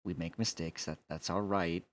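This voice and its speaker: A man voicing a patient, fatherly male adventurer who speaks in a gentle, halting way with many fillers. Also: low-pitched, fairly even intonation, natural voice.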